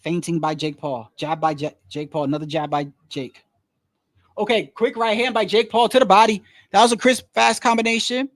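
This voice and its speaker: Male streamer, high-pitched, slangy and blunt, casual live fight commentary, dry close mic. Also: fairly even intonation, moderate pace, dry recording. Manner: slangy, says "bro" constantly, blunt and opinionated.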